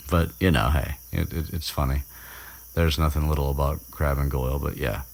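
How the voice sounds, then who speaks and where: A man with a very deep, gravelly voice talks through a story in loose, casual chat. He rambles and restarts often, and slips into brief character voices along the way. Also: fairly even intonation. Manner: rambling, many restarts and fillers, puts on quick voices for characters. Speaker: podcast host retelling a book chapter.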